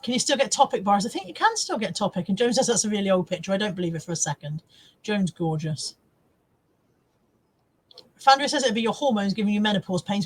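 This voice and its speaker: A woman's voice: mid-range voice, very animated, brisk, breathy edge. A middle-aged woman hosting a casual live stream, chatting to viewers, laughing often and swearing freely. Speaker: live-stream host reading viewer comments.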